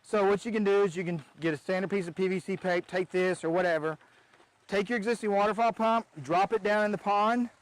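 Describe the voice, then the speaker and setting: High-voiced man giving pond tips. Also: steady tone, brisk, dry recording, rough recording. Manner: chatty, restarts sentences often. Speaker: pond business owner. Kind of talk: casual how-to demonstration. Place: outdoors beside a backyard pond.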